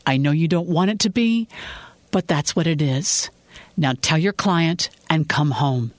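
A woman's voice: lowish voice, moderate pace, no room sound, pitched above the performer's own voice, lightly acted. A woman voicing an adult husband, anxious and pushy by turns, in a fiction reading. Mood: stern. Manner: pleading, then stern. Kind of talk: audiobook-style fiction reading.

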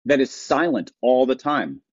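A man's voice: mid-range voice, animated, moderate pace, breathy edge, no echo. A middle-aged man co-hosting a podcast in casual chat, telling stories in a dry, wry way. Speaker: podcast co-host. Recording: dry, slightly dull sound.

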